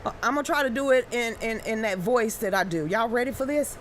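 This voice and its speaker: An excitable woman runs a casual live stream, reading viewer comments aloud. Her voice sits fairly high, and she stumbles through restarts before bursting into exclamations. A faint background hum sits under her talk. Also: fast.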